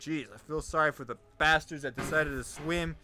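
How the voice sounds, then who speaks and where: A young man giving loud, cursing let's-play commentary, yelling at monsters as his voice grows hoarse. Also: on the high side, normal speed, noisy background. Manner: loud, swearing, talks to the monsters. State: voice getting hoarse. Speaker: gamer.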